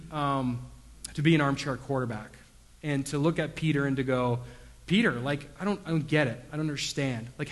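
A man in his thirties preaching a sermon as a pastor, talking conversationally with lots of fillers and building to emphatic peaks. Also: medium pitch. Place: church sanctuary. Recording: long reverb of a church hall.

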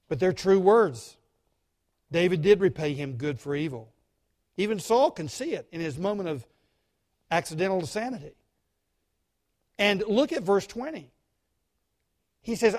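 High-pitched guy preaching, punchy, big loud stresses then quiet asides. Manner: emphatic, dramatic, swings between loud stress and quiet asides. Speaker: pastor. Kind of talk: sermon.

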